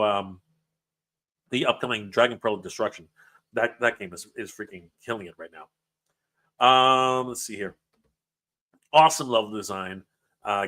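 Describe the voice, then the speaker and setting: A man's voice: medium pitch, fairly bright tone. Man hosting a livestream, emotional, stumbles over his words, casual. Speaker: livestream host reading comments.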